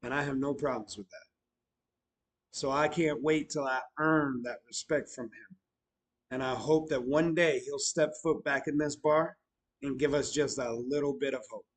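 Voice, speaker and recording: A middle-aged man casually telling stories about his new bar, animated, swearing now and then, swinging from loud bursts to low mutters. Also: moderate pace, breathy edge, low-quality recording. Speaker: bar owner vlogger. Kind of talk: casual storytelling vlog.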